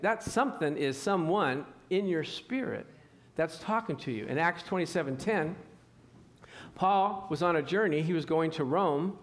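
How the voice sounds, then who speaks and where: A man preaching a sermon in a fairly high voice. He is animated and acts out scripture scenes as he teaches. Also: normal speed.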